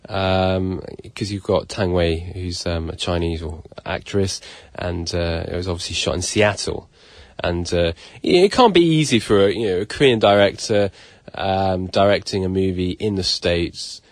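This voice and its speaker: A man's voice: deep voice, measured pace, dry recording. A man chatting on a radio show about a film, with lots of hesitant ums and uhs. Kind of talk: casual radio chat.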